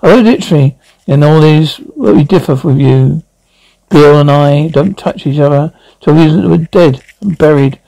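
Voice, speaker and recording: A man's voice: a little high, normal speed, creaky, mellow, dry recording, low-quality recording. A man voicing an exasperated woman, the ex-partner, who speaks in a reproachful, earnest way, in an amateur radio-drama reading.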